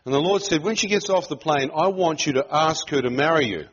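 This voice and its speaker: A man's voice: fairly high pitch, fairly quick, husky. A middle-aged man from New Zealand preaching, telling a personal story with laughter and acted-out quotes. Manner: animated, laughs often, acts out quoted voices. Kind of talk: sermon storytelling. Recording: muffled lo-fi sound.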